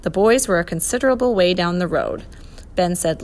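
A woman's voice: on the low side, normal speed. Woman reading a children's story aloud. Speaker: narrator.

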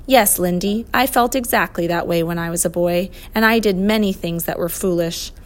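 A woman's voice: on the low side, moderate pace, natural voice. A woman reading as a stern older male professor. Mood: patient, firm.

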